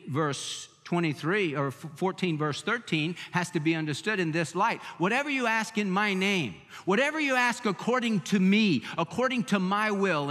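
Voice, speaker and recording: Emphatic preacher with a lively high voice. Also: male voice, big-room sound. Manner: emphatic preaching with repeated phrases. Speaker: pastor. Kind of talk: sermon.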